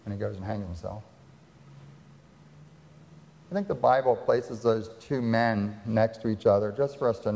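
A man's voice: on the low side, vocal fry, dark tone. Man preaching in a reverberant hall. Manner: dramatic retelling with rhetorical questions. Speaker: pastor. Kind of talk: sermon. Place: church sanctuary.

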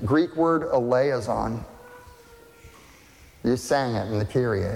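A man's voice: medium pitch, slow pace, vocal fry, long pauses, darkish tone, in a large hall, slight background noise. A male pastor preaching a sermon in a conversational, emphatic way, asking rhetorical questions.

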